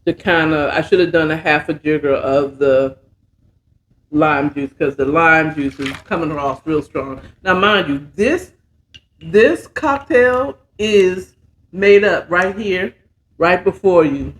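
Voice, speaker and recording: A woman's voice: sits low, slow, a little hiss or hum. A woman hosting a casual bedtime story recap, chatting in a laid-back, slangy way while mixing and sipping a cocktail. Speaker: host and storyteller.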